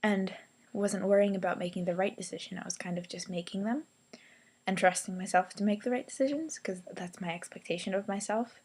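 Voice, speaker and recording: A young woman vlogging from a hostel hangout space, telling a story in a chatty, excited way full of fillers and acting out what people said. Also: mid-range voice, fairly quick, husky. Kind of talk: casual storytelling vlog.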